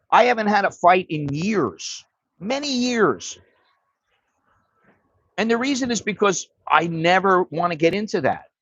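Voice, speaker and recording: This middle-aged American livestream host has a high voice and tells blunt, profanity-laced stories from his home setup, rambling and often restarting mid-sentence. It's casual storytelling captured in dry, dull, lo-fi stream audio.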